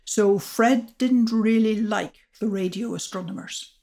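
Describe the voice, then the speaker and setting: A woman's voice: medium pitch, mellow. Older woman telling a science story. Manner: measured, explanatory storytelling. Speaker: astrophysicist guest. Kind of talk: storytelling interview answers.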